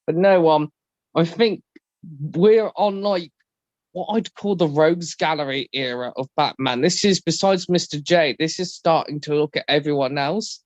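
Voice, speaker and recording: A podcast co-host talks at normal speed in a casual discussion, rambling and acting out quotes in high voices. The audio is dull with no room sound.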